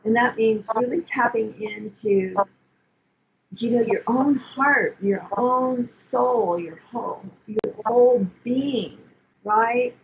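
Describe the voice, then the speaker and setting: Older woman therapist, calm and soothing, slightly gravelly, dull lo-fi recording. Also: a little high, takes it slowly, slight background noise. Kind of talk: conversational teaching.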